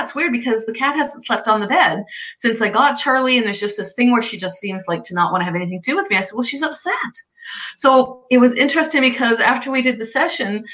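A woman guest, an animal communicator, telling anecdotes in a casual chat and acting out the people she quotes. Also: dull audio. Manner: animated storyteller, acts out quoted clients and pets with pitch jumps.

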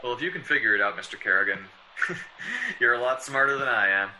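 A flustered mystery writer with a bright, sharp voice that jumps around in pitch. He stammers and hesitates when cornered. It is delivered in a 1940s radio drama style. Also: animated, fairly quick, slight background noise, rough recording. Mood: wry. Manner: flustered, stammering under threat. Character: Chase, a male mystery writer, easily rattled.

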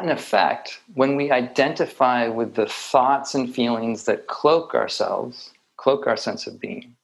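A male meditation teacher talks through ideas slowly and reflectively, adding small touches of humor. His mid-pitched voice has a gravelly, creaky texture. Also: low-quality recording. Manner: reflective and unhurried, with light humor. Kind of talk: meditation dharma talk.

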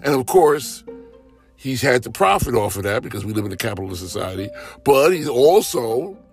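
A man's voice: mid-range voice, moderate pace, faint music behind. A man in a casual, rambling monologue, animatedly telling everyday stories and acting out what others said. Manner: animated, rambling, acts out quotes. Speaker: storyteller.

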